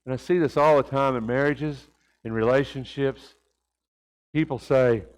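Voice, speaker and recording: A man's voice: medium pitch, fairly even intonation, normal speed. A man preaching a sermon to his congregation in a folksy manner, asking them rhetorical questions. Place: church sanctuary. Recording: long reverb of a church hall.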